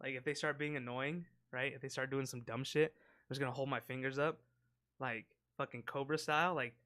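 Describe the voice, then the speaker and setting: A man with a mid-range, fairly bright voice talks briskly and with fairly even intonation as he co-hosts a podcast. He rambles in casual, foul-mouthed banter and mimics sound effects into a close podcast mic.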